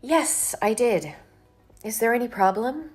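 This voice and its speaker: An actress playing a young office worker who firmly and politely pushes back against a colleague. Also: female voice, on the high side, animated, a little slow, breathy edge, faint music behind. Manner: firm, exasperated, polite refusals. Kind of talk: scripted dialogue drama.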